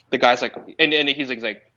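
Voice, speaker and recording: A man's voice: mid-range voice, pushed and bright. A man, a guest DJ, telling loose, profane stories with laughs in a casual podcast interview. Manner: laid-back, profane, laughing storyteller. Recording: slightly dull lo-fi sound.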